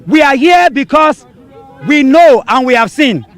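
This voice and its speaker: A man with a Nigerian accent leading a street protest, declaiming demands to the crowd with forceful repetition. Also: very high-pitched, animated, measured pace. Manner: forceful, declaiming, repeating lines for emphasis. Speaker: protest leader.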